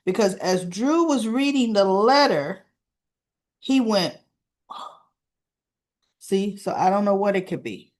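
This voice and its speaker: A woman's voice: medium pitch, animated, a little slow, a little mellow. A woman casually recapping a soap opera episode, chatty, retelling scenes with quoted lines and asking "right?" as she goes.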